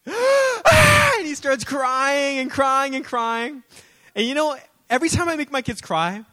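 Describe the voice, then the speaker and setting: A man in his thirties preaching a sermon, telling lively personal stories and calling his listeners y'all. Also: mid-range voice. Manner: animated storytelling, addresses audience as y'all. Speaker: pastor.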